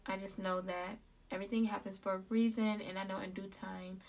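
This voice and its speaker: Gravelly-voiced young woman, halting confessional vlog. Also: medium pitch, level tone, far from the mic. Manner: halting and heartfelt, leaning on fillers. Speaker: vlogger. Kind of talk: personal storytelling vlog.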